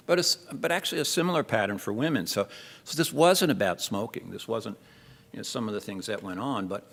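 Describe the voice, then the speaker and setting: An older man from New Jersey giving a conference keynote talk in a lecture hall, telling a story with restarts and lifting his voice on emphasis. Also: fairly low pitch. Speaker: keynote speaker. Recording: reverberant hall.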